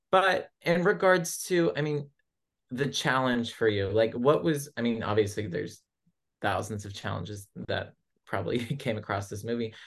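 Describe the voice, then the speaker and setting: A woman hosting an interview, asking rambling, hedged questions. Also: extremely low pitch. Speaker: podcast host. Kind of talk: casual interview.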